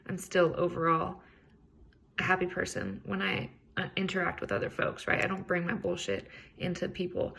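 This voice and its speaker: A woman's voice: mid-range voice, vocal fry, a bit bright, slight background noise. A woman hosting a podcast, talking casually and earnestly on her own, encouraging and a bit rambling. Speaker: podcast host. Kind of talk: casual solo self-help talk.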